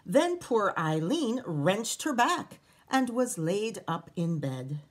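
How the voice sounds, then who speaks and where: A woman teacher reading a picture book aloud to children, expressive, with chatty asides to her listeners. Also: medium pitch, slow.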